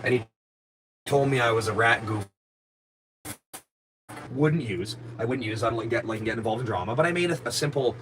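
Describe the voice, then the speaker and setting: A man's voice: medium pitch, moderate pace, pauses often, a bit bright, slight background noise, low-quality recording. Profane man venting to viewers. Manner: profane, rambling, aggrieved. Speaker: live streamer. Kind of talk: casual storytelling to viewers.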